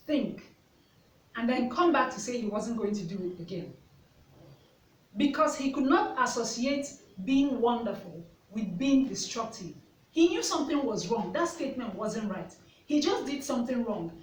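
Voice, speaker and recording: A woman's voice: fairly high pitch, a little hiss or hum. A woman, a mother and part-time teacher, telling stories to camera in an earnest way and asking the viewer repeated questions. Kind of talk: reflective storytelling to camera. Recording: roomy, distant mic with faint ambience.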